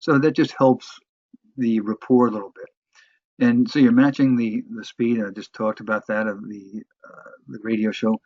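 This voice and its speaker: Man giving a halting sales lecture. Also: medium pitch, fairly even intonation, dry recording. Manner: halting, many restarts and fillers. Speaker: sales trainer. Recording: muffled, dry lo-fi recording.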